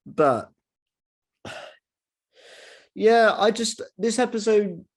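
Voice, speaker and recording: Podcast host guy, kinda high voice, excitable, stumbles and swears a lot. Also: drawn-out words. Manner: excitable, lots of restarts and swearing. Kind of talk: casual podcast chat.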